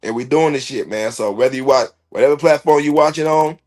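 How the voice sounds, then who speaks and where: A man's voice: mid-range voice, fairly even intonation, a little fast, a little mellow. A man hosting a sports podcast livestream, ranting bluntly and profanely in heavy slang. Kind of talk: heated livestream sports rant.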